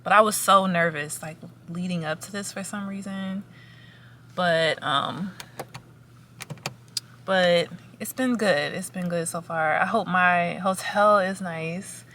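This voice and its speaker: A woman's voice: on the low side, takes it slowly, pushed and bright, slight background noise. Chatty woman vlogging from her car. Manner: rambling, chatty, many fillers and restarts. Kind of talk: casual vlog update. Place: in a parked car. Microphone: camera with foam windscreen.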